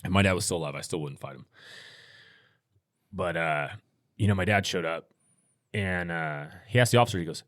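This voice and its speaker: Middle-aged American man, very low voice, dry close sound, easygoing storyteller with restarts. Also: brisk, long pauses, dry recording. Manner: relaxed, rambling anecdotal delivery with restarts. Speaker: podcast guest, firearms instructor. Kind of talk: casual storytelling in interview.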